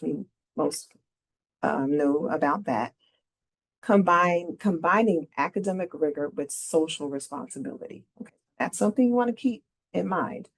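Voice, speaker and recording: Woman, middle-aged, lowish voice, careers workshop talk, conversational, asks "right?" a lot. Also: darkish tone. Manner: conversational, often adds "right?" to check in. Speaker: career advisor presenting a workshop. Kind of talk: presentation walking through slides.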